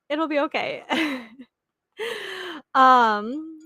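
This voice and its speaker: A woman's voice: fairly high pitch, lively intonation, a little slow, fairly bright tone, no echo, studio quality. A young woman chatting casually with viewers as the host of a reading sprint stream, rambling and giggling with lots of fillers.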